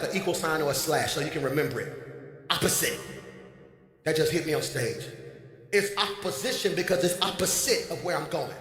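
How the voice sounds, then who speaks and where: Middle-aged male preacher, lively conversational sermon, bright high voice, long hall echo. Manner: conversational preaching, call-and-response with congregation. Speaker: pastor. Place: large hall with stage. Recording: echoey hall.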